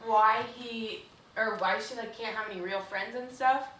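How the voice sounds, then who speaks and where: A woman's voice: fairly high pitch, steady tone, normal speed, fairly bright tone, far from the mic. A young woman co-hosting a podcast, recapping a book in a gushing, profane, filler-heavy casual chat. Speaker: podcast co-host. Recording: echoey room, away from mic, faint hiss.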